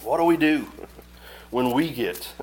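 A male preacher delivering a sermon in a mid-pitched voice, reading scripture in old-fashioned phrasing. He swings from calm commentary to fervent, loud surges, with quick casual asides in between. A faint hum sits in the background.

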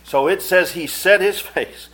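A man preaching a sermon, reading scripture aloud and breaking into fervent, sudden loud surges with quick casual asides. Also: high voice. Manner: reads scripture aloud in old-fashioned phrasing.

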